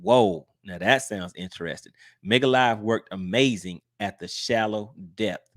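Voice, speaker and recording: Laid-back man, low voice. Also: normal speed, a bit bright, no room sound, studio quality. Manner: easygoing, rambling, many "all right"s. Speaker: fishing channel host. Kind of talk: casual livestream chat.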